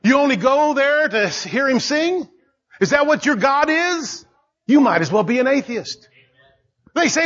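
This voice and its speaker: An older man preaching a sermon as pastor, emphatic and rising to shouts. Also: extremely high pitch, expressive, measured pace. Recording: dull lo-fi recording.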